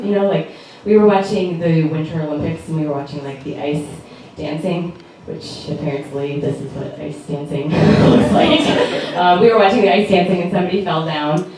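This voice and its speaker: Give me a chatty young woman doing stand-up, heard from a distant mic in a roomy club. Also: lowish voice. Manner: chatty, rambling, full of fillers and giggles. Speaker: stand-up comedian. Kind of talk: stand-up comedy set. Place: comedy club stage. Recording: echoey club, distant mic, loud noise.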